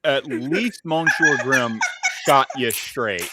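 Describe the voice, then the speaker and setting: A man game master setting a scene for his players, with many pauses and fillers. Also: mid-range voice, heavy background noise. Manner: hesitant, filler-heavy scene description. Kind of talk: narrating a tabletop game.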